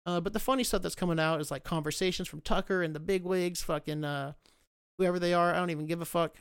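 Male podcast host, worked-up profane rant, sarcastic; clear, high-set voice, dry sound. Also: fairly even intonation, quick pace, no echo. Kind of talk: casual rant.

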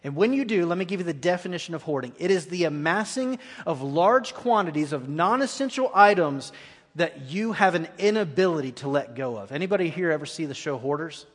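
Guy preaching a sermon, kinda high voice, big hall reverb, earnest and intense. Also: expressive, a little fast. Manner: earnest, dropping to quiet intensity at key moments. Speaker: guest preacher. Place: church sanctuary. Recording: long echoey hall reverb.

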